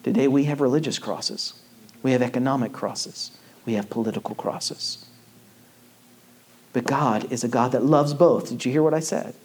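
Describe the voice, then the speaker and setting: A man's voice: mid-range voice, normal speed, pauses often, darkish tone. A man preaching a sermon, building to emphatic, rising oratory.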